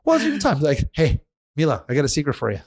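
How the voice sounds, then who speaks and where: A middle-aged man with a gravelly, creaky edge to his voice, chatting on a podcast. He rambles in an earnest, emotional way, repeating himself and circling back to his point. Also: fairly high pitch, wildly swooping pitch, fast talker, a little mellow. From Canada. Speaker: podcast host. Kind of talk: casual conversation.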